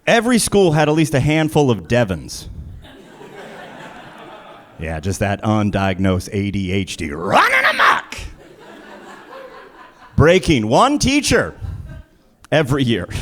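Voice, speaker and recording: A man performing live stand-up comedy, animated and prone to sudden loud shouts. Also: mid-range voice.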